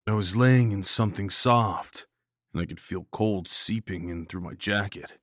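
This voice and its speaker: A man narrating a horror story in a grave, scripted reading with measured pauses. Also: on the low side, a bit bright, no echo, studio quality.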